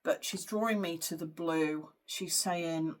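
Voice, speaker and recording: Woman, psychic reader, card reading to camera, somewhat low voice, earnest, hesitant. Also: takes it slowly. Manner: earnest, hesitant, with frequent fillers. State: emotional at times. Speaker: psychic medium.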